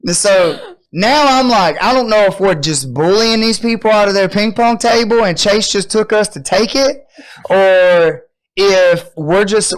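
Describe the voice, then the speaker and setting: A man on a podcast spinning a rowdy story in casual, profane talk. His voice sits a little high for a man, and he slips into the people in his story as he goes. The tone stays loose and animated. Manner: animated, profane, acts out quotes. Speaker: podcast host.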